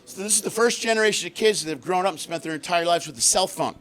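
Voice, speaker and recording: A middle-aged man doing a stand-up comedy set, telling stories with animated delivery and shouting the punchlines. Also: high voice, quick pace. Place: live comedy stage. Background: audience laughter.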